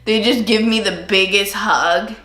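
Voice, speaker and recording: A woman's voice: mid-range voice, steady tone, measured pace, pushed and bright. A young woman vlogger telling a casual storytime while doing her makeup, chatty and full of likes and ums, saying she feels sick. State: feeling sick. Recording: echoey room with faint music.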